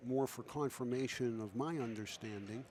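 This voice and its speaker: A man commentating a pool match in a relaxed, chatty way, asking his co-commentator questions and often restarting his sentences. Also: medium pitch, normal speed.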